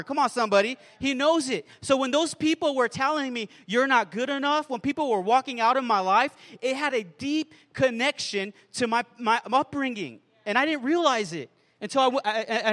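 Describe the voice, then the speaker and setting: Male pastor, sermon delivery, high and forceful, lots of asides to the crowd. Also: big-room sound. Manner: preachy call-and-response asides.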